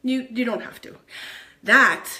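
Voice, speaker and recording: Bubbly high-voiced excitable woman vlogger. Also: unhurried. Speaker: online coach in network marketing. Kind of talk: motivational vlog to camera.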